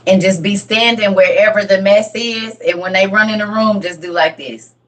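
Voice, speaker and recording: A middle-aged woman chatting casually as a parent, telling lively stories and acting out her kids. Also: medium pitch, moderate pace, slight background noise. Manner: animated storytelling, acts out her kids. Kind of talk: casual group chat. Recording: voice from a distance.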